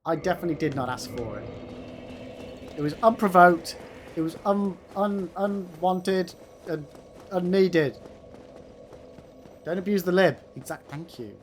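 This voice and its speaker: A man's voice: high voice, measured pace, pauses often, slight background noise. A young man streaming a game live, swearing freely and bantering with his chat between fights. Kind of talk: casual live commentary while playing and reading chat.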